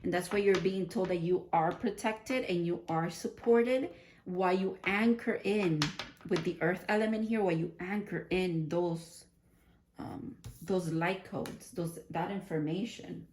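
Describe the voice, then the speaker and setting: A woman talks through a tarot reading in a casual, chatty way, giggling and thinking out loud as each card comes up. Her voice sits a little low for a woman, and she often restarts her sentences mid-thought. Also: measured pace. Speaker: tarot reader.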